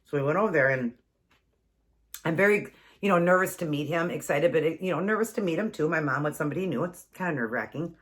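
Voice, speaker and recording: A woman's voice: low-pitched, expressive, fast. Chatty rambling woman in her forties. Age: 40s. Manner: chatty, rambling, laughs often. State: runny nose. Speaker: keto vlogger. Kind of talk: casual storytelling while eating.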